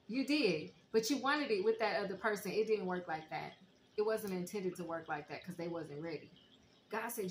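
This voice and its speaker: A woman giving a heartfelt spiritual tarot reading, talking straight to her viewers in a preacherly way and sometimes softly singing. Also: medium pitch, expressive, moderate pace. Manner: emotional, preacherly, breaks into soft song. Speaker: tarot reader. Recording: echoey room with faint noise.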